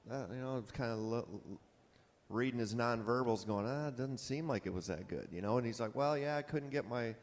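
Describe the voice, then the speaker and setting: A man's voice: medium pitch, fairly quick. A man on a conference panel telling a rambling, casual anecdote about his boat store, acting out customers' lines. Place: conference hall. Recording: long hall reverb.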